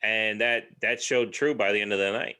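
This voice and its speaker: A man's voice: on the low side, steady tone, normal speed, pushed and bright, clear, resonant tone. A man co-hosting a casual podcast, giving opinions in a thoughtful, hedging way. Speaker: podcast co-host. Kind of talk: casual chat.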